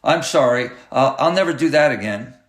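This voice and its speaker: Man voicing a nervous young schoolboy, stammering, high and pushed, echoey room. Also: lively intonation, normal speed, natural voice. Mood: scared. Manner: nervous, stammering, standing up for his sister. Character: frightened but defiant schoolboy, seventh grader.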